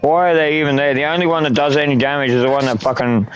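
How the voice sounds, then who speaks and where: A man's voice: a little high, fairly even intonation, fast talker, soft background music. A young Australian man from the Northern Territory, crudely commenting on his gameplay in casual chat and rambling off-topic. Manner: crude, swears freely, rambling asides. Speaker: gaming streamer.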